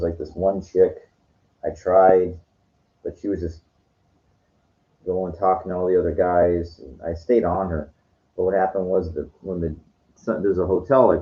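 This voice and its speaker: A man's voice: deep voice, darkish tone. An older man telling a rambling, frustrated story in casual talk, swearing freely. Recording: dull lo-fi sound.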